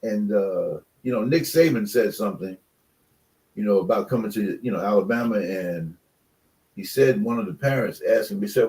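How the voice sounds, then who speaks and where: A man's voice: fairly low pitch, moderate pace, dark tone, recorded from a distance. An older man, a former college football player, talking as a radio guest in a rambling, emphatic way with many fillers. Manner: emphatic, passionate about commitment. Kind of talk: casual radio chat.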